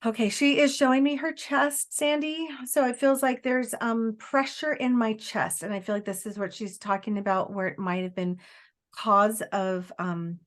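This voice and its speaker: A woman working as a psychic medium, giving a live spirit reading in a halting, searching way with many fillers, often quoting the spirit. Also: a little high, fairly even intonation. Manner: relays messages by quoting the spirit in first person.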